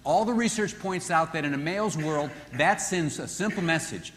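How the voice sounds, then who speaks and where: An animated man teaches a marriage seminar in a fairly high voice and acts out what spouses say. His voice carries a long reverb from a large hall. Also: normal speed, hardly any pauses, a little hiss or hum.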